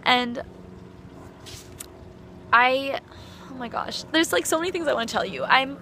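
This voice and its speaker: A woman's voice: high voice, lively intonation, measured pace, bright, forceful tone, a little hiss or hum. A young woman recording a heartfelt, rambling birthday message for a close friend on her phone, full of fillers and effusive praise. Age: young adult. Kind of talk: heartfelt personal video message.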